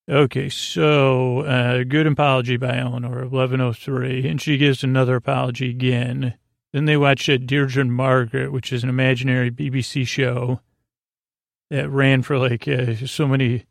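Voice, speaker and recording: A man hosting a podcast, recapping a TV episode in casual, halting talk full of fillers, reading quoted lines in the same flat way. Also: mid-range voice, vocal fry, dry recording, studio quality. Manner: halting, many fillers, reads quotes flatly.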